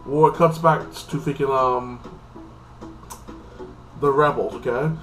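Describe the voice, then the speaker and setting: A man's voice: mid-range voice, fairly even intonation, slow pace, a bit bright, faint music behind, low-quality recording. Rambling man recapping a TV episode. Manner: loose, repetitive, heavy on "like this" fillers. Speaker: TV episode reviewer.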